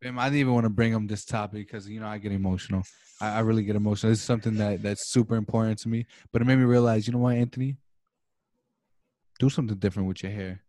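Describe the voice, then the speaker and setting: Here a young adult man co-hosting a podcast chats casually over video, ranting with exaggerated mock passion and plenty of profanity. His lowish voice is steady and mellow but very fast, with no echo and clean studio sound.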